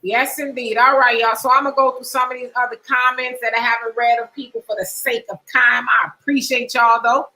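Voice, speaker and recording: A woman's voice: a little high, little pitch movement, fairly quick, hardly any pauses, bright, forceful tone, low-quality recording. A middle-aged woman hosting a casual live chat show, reading viewer comments aloud and laughing often. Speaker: host.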